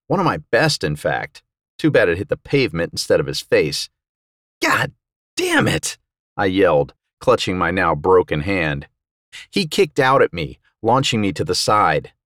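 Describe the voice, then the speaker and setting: A man narrating an audiobook in the first person, wry and sardonic, with loud outbursts and muttered asides. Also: on the low side, no echo, clean studio sound.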